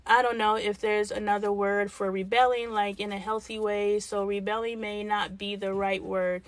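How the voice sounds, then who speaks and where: In a dry recording, a middle-aged woman hosting a livestream chats casually through viewers' comments, answering candidly and musing out loud. She speaks at a moderate pace with a medium pitch and a level tone.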